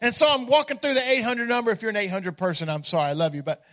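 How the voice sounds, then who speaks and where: A man's voice: high-pitched, fast. A man preaching a sermon, telling a funny personal story with energy and calling out to the congregation. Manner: energetic, humorous, calls out to the congregation. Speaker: pastor.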